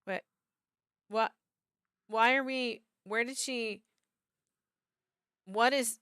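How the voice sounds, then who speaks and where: A woman streamer narrates her gameplay live and reacts with loud, repeated exclamations. Her voice sits fairly high and is bright and tense. It is close-miked and dry. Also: slow, pauses often, clear, resonant tone, dry recording.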